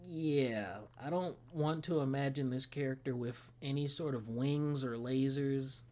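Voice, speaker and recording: Slangy, excitable young-sounding man. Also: medium pitch, a little slow. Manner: slangy, excitable, laughs often. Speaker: gaming streamer reacting to a trailer. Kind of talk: casual reaction commentary.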